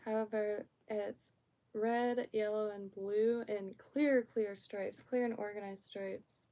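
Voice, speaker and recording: A woman's voice: mid-range voice, steady tone, slow pace. A woman streamer from Florida chatting casually on a live stream, rambling and trailing off as she talks. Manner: rambling, soft-spoken, trails off and restarts.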